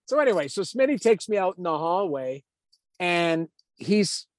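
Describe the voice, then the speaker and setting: A man's voice: high-pitched, normal speed, dry recording. A man in his fifties, a former hockey goalie turned TV analyst, telling a story in a casual interview, acting out quotes with lots of "like". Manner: animated, acts out quotes, lots of "like".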